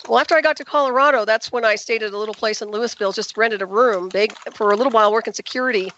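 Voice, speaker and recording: Fast-talking woman on a dull line. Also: a little high, fairly bright tone, slight background noise. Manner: rapid, emphatic storytelling. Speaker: guest. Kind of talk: radio interview call.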